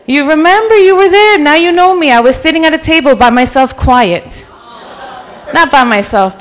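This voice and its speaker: Joking woman preacher, New Jersey accent. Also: on the high side. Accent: mixed North Jersey. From New York City. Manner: chatty and joking, mixing in Spanish phrases. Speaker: guest preacher. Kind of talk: sermon with personal storytelling. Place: church sanctuary.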